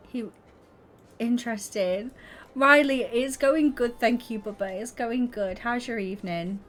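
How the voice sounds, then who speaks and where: A woman's voice: on the high side, unhurried, faint music behind. A young woman streaming live, chatting casually with her viewers and constantly breaking into giggles. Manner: giggly, keeps breaking into laughter.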